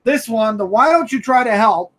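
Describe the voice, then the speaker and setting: Man, very high voice, bright and forceful, animated comic review chat, repeats himself. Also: moderate pace. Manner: animated, repeats lines emphatically, bursts into shouting. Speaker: comic book podcast co-host.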